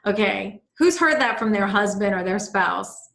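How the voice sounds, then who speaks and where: A middle-aged woman leads a live online coaching class. She guides her listeners through breathing and tells stories from her own life in an earnest, encouraging way. Her voice sits at an ordinary middle pitch, and the video-call audio carries a roomy echo. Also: slow, creaky, a bit bright.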